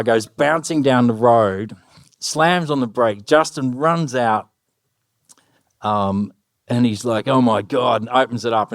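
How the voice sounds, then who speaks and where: A middle-aged man telling anecdotes on stage, animated, swearing freely and acting out the lines of other people. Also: medium pitch, no room sound, clean studio sound. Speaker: guest musician. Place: live stage before an audience.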